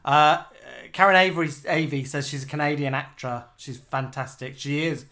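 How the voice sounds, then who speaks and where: Co-host: middle-aged English man, somewhat high voice, chatty and giggly, reads out comments. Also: normal speed, sharp tone. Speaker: podcast co-host. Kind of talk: casual chat reading viewer comments.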